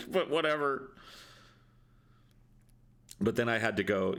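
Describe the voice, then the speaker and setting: Low-voiced man telling a crude story. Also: a little slow, pauses often, fairly bright tone. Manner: profane, rambling, laughs often. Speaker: podcast co-host. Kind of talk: casual storytelling.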